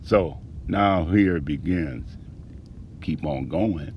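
Man, spoken-word monologue, aggrieved, profane, low mutters and loud outbursts, very deep voice, faint noise behind. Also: animated, a little slow, lo-fi sound. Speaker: storyteller recounting a personal grievance. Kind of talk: rhythmic spoken-word monologue with a repeated refrain.

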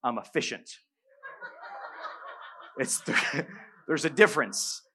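A middle-aged male pastor preaching a sermon, telling a story with humor and animated bursts. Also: mid-range voice, takes it slowly, slight background noise.

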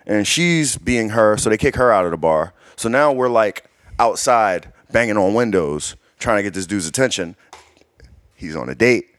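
Lower-voiced man telling a loose, profane story. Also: lively intonation, moderate pace, fairly bright tone, no room sound, clean studio sound. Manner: loose, profane, laughing as he tells a wild night out. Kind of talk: casual storytelling chat.

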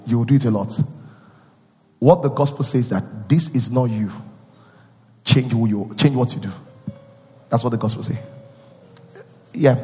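A man preaching a sermon with call-and-response, swinging from loud chanting to low, intimate asides. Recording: long hall reverb with faint music.

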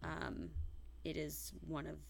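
A woman co-hosting a podcast in casual chat, giggly and animated, often acting out quoted lines. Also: low-pitched, slow, creaky. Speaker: podcast co-host.

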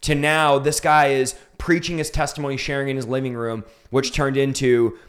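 A man's voice: mid-range voice, flat delivery, moderate pace. A man in his thirties telling his conversion story in an interview, fervent and emphatic, building to intense peaks. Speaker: preacher telling his testimony.

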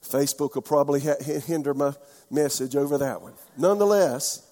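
A man's voice: a little high, fairly quick, mellow, big-room sound. A man, a pastor from South Carolina preaching a sermon with folksy storytelling and questions to the congregation. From South Carolina, USA.

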